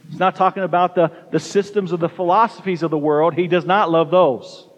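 A man's voice: high voice, fairly even intonation, fairly quick. A man preaching a sermon as pastor, stressing single words and asking the congregation rhetorical questions. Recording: dull lo-fi sound with long hall reverb.

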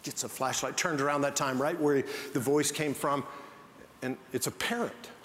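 A man's voice: a little high, fairly even intonation, moderate pace, fairly bright tone. A man preaching a sermon as pastor, telling stories with frequent restarts. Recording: long hall reverb, faint noise.

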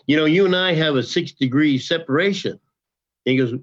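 A man in his sixties, a podcast guest, telling a story in a loose, profane, animated way and often repeating himself. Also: on the high side, brisk. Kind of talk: casual storytelling. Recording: dull lo-fi podcast audio.

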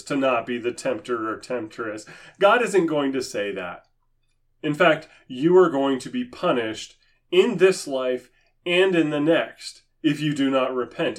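A man giving impassioned religious commentary, sarcastic and emphatic in a preachy manner. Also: medium pitch. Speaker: Christian commentator.

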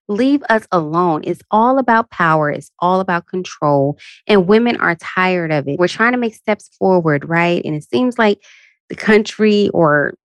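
On her own podcast, a woman rants candidly and solo about feeling tired and worn out, jumping into high, animated asides whenever she quotes herself. The recording has no room sound.

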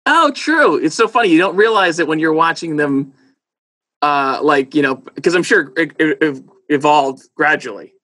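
A man's voice: fairly high pitch, moderate pace, bright, forceful tone. A man hosting an interview, asking curious and chatty questions. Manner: curious, chatty, many likes. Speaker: interviewer host.

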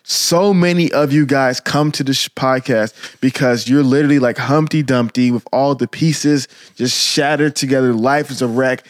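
A man's voice: medium pitch, fairly even intonation, moderate pace, hardly any pauses, no echo, studio quality. A man co-hosting a podcast, talking earnestly and encouragingly about forgiveness and healing. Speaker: podcast co-host. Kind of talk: casual podcast talk.

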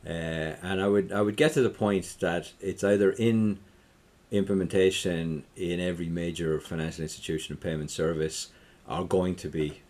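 Deep-voiced Irish man, rambling. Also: steady tone, normal speed. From Ireland. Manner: rambling, many restarts, trailing off quietly. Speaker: guest, tech entrepreneur. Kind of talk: casual interview chat.

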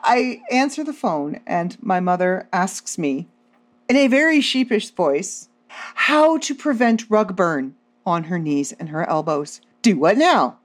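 A woman hosts a podcast and tells funny stories from her own life in a casual way. Her voice sits low, but it swings up and down a lot as she gets animated. She pokes fun at herself as she goes. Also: slow. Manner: animated, self-deprecating, laughs often. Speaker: podcast host. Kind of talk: casual comedic storytelling.

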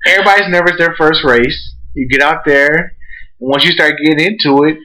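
Young man, bright tone, teasing, reassuring, a bit of a braggart, casual chat. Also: on the high side, a little fast, low-quality recording. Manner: teasing, encouraging, boastful.

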